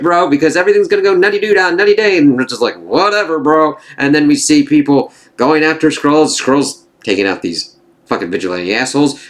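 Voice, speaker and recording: Exasperated, foul-mouthed man ranting. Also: medium pitch. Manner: heavy swearing, exasperated and blunt; switches into mocking voices for the people he quotes. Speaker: TV series reviewer. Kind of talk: opinionated spoken review rant.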